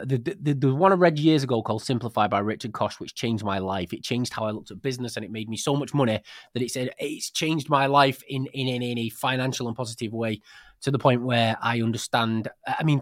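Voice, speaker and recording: A man co-hosting a casual book-discussion podcast, animated and often repeating words as he thinks. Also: medium pitch, no echo, studio quality. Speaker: podcast co-host.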